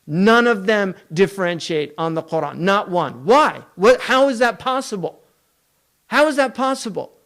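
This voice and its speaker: A man's voice: high-pitched, animated, normal speed, fairly bright tone. A man giving a religious lecture, emphatic, running through long lists and asking rhetorical questions. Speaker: Islamic scholar lecturing.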